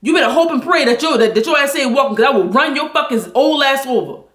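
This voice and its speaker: A woman angrily venting a story on a livestream, talking loud, blunt and full of profanity. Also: high-pitched, animated, quick pace, echoey room.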